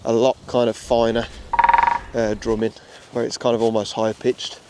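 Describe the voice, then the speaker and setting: A young English wildlife photographer with a Midlands accent vlogs casually on a nature reserve walk, his speech full of fillers and restarts. His mid-range voice holds a level tone at a moderate pace. The recording is very noisy.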